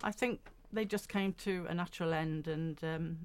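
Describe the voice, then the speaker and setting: A woman's voice: deep voice, steady tone, moderate pace, clear, resonant tone. A woman being interviewed as a guest in a radio studio, explaining at length in an earnest way. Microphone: studio microphone.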